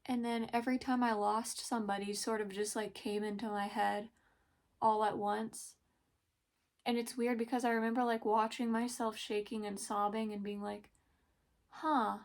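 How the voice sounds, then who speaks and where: A young woman talking hesitantly in a personal confessional vlog, pausing often and searching for words. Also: on the high side, level tone. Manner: hesitant, halting, many pauses and fillers; emotional, soft-spoken. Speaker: vlogger.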